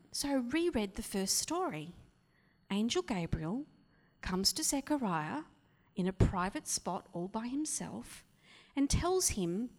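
A woman preaching a sermon, telling the story with lively acted-out voices and dropping into whispers. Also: on the high side, measured pace, long reverb tail.

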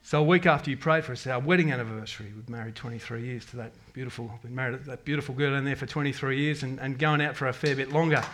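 A man's voice: mid-range voice, steady tone, fast, few pauses, a bit bright, a little hiss or hum. Candid man telling his faith story. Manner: rambling, candid storytelling with many restarts and self-quotes. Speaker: parish member giving a testimony. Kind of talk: personal faith testimony to a congregation.

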